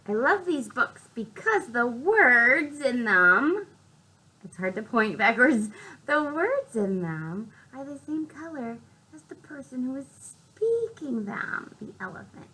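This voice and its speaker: A woman's voice: high-pitched, big pitch swings, slow, slightly rough, low-quality recording. Sing-song woman reading to small children. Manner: sing-song, slips into soft whispers. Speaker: children's librarian.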